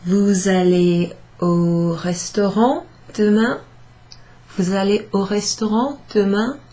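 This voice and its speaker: Woman, language teacher, slow deliberate delivery, lowish voice, patient repetition. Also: darkish tone. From United Kingdom. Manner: slow, patient, repeats phrases for learners. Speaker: French teacher. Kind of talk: recorded beginner language lesson.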